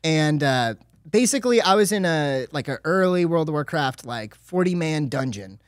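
A man in his thirties chats as a podcast guest with an animated, laughing storytelling flow. His voice sits somewhat high for a man. The sound is close and dry, with no room echo. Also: moderate pace. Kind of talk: casual chat, storytelling.

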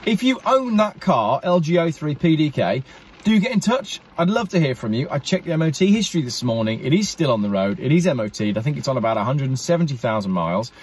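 A man's voice: medium pitch, slight background noise. A man hosting a car channel, chatting casually and enthusiastically while speaking directly to viewers. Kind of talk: casual talk to camera.

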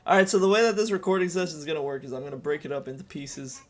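A young man hosting a casual gameplay commentary with a friend, energetic and swearing freely. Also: a little high, racing, faint music behind. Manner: energetic, loud, swearing banter. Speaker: gaming channel host.

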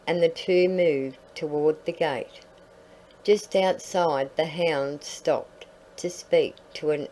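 A woman reading a storybook aloud in a calm, measured way. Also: low voice, a little hiss or hum, rough recording.

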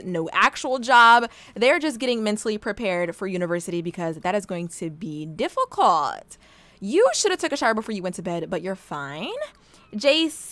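Young woman, gameplay commentary, chatty and teasing, lively swooping voice, dry close sound. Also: medium pitch, no room sound. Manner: chatty, teasing, laughs often at the game. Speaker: let's play host.

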